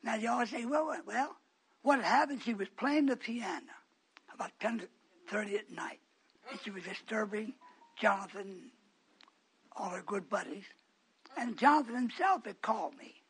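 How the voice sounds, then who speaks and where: A man, likely older, preaching a storytelling sermon, swinging from quiet asides to shouted outbursts. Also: high voice, moderate pace, pauses often, slightly rough.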